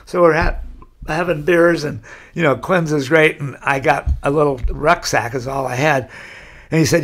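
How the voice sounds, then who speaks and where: Older guy on a podcast, kinda high voice, rambling through an old story with lots of uh's. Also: normal speed, a bit bright. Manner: rambling anecdotal, with frequent uh fillers and restarts. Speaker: podcast guest. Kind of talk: casual storytelling interview.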